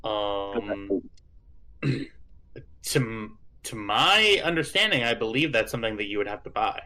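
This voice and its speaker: A man running a tabletop game as game master, halting and full of fillers as he explains. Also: lowish voice, animated, bright, forceful tone, rough recording. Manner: halting, lots of fillers and restarts.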